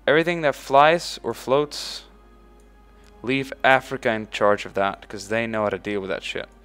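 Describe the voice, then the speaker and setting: A man in the middle of a let's play, chatting loosely over his game. His voice sits at a plain middle pitch. He swears freely, barks orders at his units, and punctuates them with loud "boom"s. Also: moderate pace, smooth, soft background music. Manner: excitable, swears casually, shouts "boom" when giving orders; talks to in-game units as if they were his troops. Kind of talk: casual gameplay commentary.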